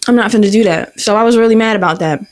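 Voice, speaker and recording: A young woman in her twenties hosting a podcast, telling a story in a profane, exasperated, animated way. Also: medium pitch, rapid-fire. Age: 20s. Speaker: podcast host. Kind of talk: casual storytelling rant.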